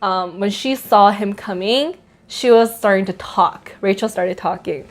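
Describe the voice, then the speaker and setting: A woman's voice: mid-range voice, unhurried. A young woman co-hosting a casual church-life chat, telling a story in a hesitant way with many fillers and restarts. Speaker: co-host of a church life vlog.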